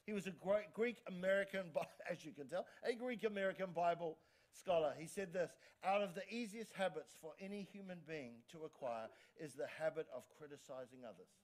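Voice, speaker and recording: A man preaches from the pulpit in a bright, high voice. He talks with lively energy, stumbles and restarts words as he goes, and keeps calling out for amens from the room. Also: brisk. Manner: energetic, frequent restarts and stammers, calls for amens. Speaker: pastor. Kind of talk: sermon.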